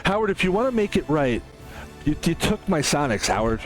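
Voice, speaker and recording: A man's voice: on the high side, sing-song, fairly quick. Rambling, foul-mouthed streamer guy, faint music. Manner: rambling, profane, jokey asides. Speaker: game streamer. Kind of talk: casual solo stream monologue.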